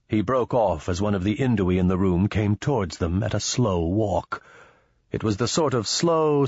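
A man narrating an audiobook in a steady, measured way, close to a studio mic. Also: fairly low pitch, slightly rough, dry recording, lo-fi sound. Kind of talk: scripted narration.

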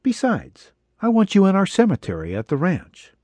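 Guy doing a feisty young ranch girl, kinda high, quick tongue, storybook read, dry audio. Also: huge pitch swings, dry recording, exaggerated voice. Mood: earnest. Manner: brisk, sharp-tongued. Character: spirited young ranch woman.

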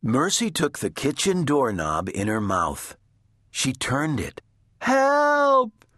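A man narrating a children's storybook in a gentle, deliberate storytelling manner. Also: medium pitch, big pitch swings, slightly rough, dry recording, clean studio sound. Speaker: audiobook narrator.

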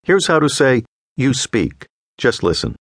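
A man narrating a language course in a clear, patient, scripted teaching voice. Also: medium pitch, sing-song, measured pace, a bit bright, no echo, studio quality. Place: recording studio.

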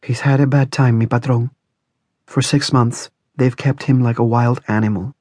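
A man voicing a kind, protective woman caretaker who speaks gently and earnestly. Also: medium pitch, steady tone, normal speed, no room sound, clean studio sound, natural voice.

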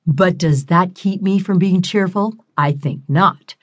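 A self-satisfied talking crystal skull, put on by a woman narrator drawls its lines slowly and sprinkles in French words. The voice sits on the low side for a woman and stays chatty and pleased with itself, like a character in a read-aloud storybook. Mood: smug teasing.

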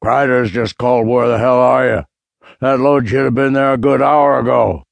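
A man voicing a loud, raspy, mocking father in his sixties who speaks with contempt in a bass roar. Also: unhurried, dry recording. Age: 60s. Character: loud raspy bully father, sixty-eight.

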